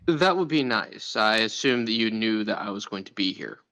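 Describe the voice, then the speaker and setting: A man's voice: lowish voice, lively intonation, moderate pace, bright, forceful tone, highs cut off. A man playing a tabletop game, with a dry, playful way of talking. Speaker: player. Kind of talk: in-character tabletop play.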